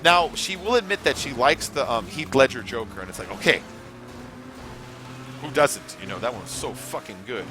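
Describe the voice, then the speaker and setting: A man's voice: medium pitch, animated, moderate pace, over music. Chatty, rambling male game streamer. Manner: rambling, chatty, swears casually, reads chat aloud. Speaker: gaming livestream host. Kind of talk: live gameplay commentary.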